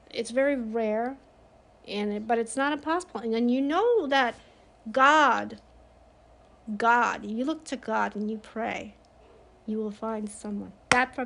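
A woman in mourning talks openly in a personal monologue, her voice sitting a little high. She is frank and confiding, rising into emphatic bursts when something stings. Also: vocal fry. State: grieving.

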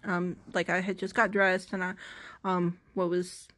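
A woman's voice: lowish voice, flat delivery, a little slow, a bit bright. Young woman, casual vlog storyteller; theatrical, self-deprecating, rambly delivery. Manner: self-mocking, dramatic, rambling with restarts. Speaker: vlogger.

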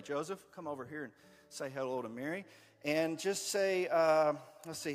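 At a moderate pace and in a slightly high voice, a man tells a story live and gives the children in his skit stage directions. He's encouraging and playful, often laughing into his handheld mic, while the hall adds long reverb and faint music plays.

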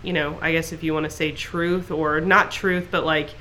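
A woman's voice: low-pitched, little pitch movement, moderate pace, sharp tone. A woman co-hosting a podcast in casual chat, rambling with lots of filler phrases. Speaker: podcast co-host.

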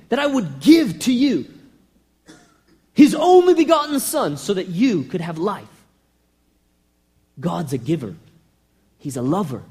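A man preaching with a strikingly high voice and a lively, swooping pitch. He drives his points home with rhetorical questions and passion. He swings from loud, urgent bursts down to hushed, intimate lines. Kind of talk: sermon.

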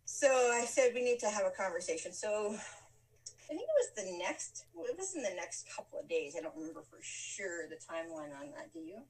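A woman's voice: mid-range voice, normal speed. A woman telling a personal story in a casual chat, laughing often and acting out the lines of people in it. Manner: lively, laughs often, acts out quoted lines. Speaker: guest telling a life story. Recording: voice from a distant mic.

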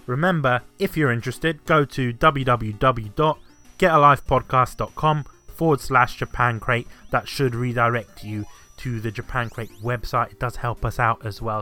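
A man with a bright, forceful voice hosts a casual podcast, talking with chatty enthusiasm. Faint music plays underneath. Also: mid-range voice. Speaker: podcast host.

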